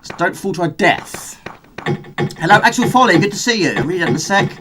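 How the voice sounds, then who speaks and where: A man's voice: high-pitched, lively intonation, brisk, very noisy. A middle-aged man chatting casually with his live-stream viewers while he plays, greeting them and reading out their comments. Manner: chatty, reads out viewer chat while gaming. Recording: music playing behind the voice.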